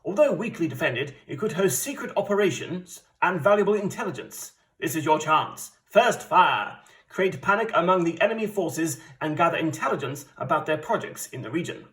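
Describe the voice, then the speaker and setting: A man's voice: a little high, expressive, moderate pace, fairly bright tone. A man from the UK voicing an announcer who reads a 1940s wartime mission briefing in a formal, declaiming manner. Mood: stirring. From United Kingdom.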